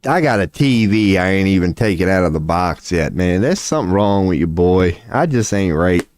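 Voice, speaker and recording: A man rambles on a livestream, cussing freely and laughing at himself. His voice sits low and comes through smooth and clear. The sound is dry and close, with no room in it. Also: a little mellow, no echo. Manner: profane, laid-back, self-mocking with frequent laughs. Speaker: streamer. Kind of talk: casual rambling monologue. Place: at home.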